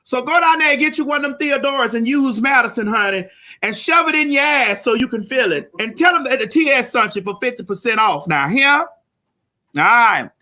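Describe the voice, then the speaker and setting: A woman hosting a live virtual show, loud and brash, cussing freely and hyping her audience. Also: a little high, expressive, brisk. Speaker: show host. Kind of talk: profane live-stream chat. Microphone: video call.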